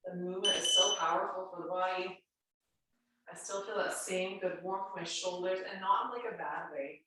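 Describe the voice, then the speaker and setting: A woman with a lowish, sharp-toned, congested and nasal voice talks a home workout class through each move at a moderate pace, chatty and reassuring. The camera mic is well away from her, the room echoes heavily, and there's a little hiss or hum.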